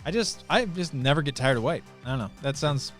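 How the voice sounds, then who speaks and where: A man co-hosting a casual live podcast, relaxed and a bit self-deprecating, hedging his opinions. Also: on the high side, a little fast, faint music behind. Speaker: podcast co-host. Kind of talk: casual live-stream chat.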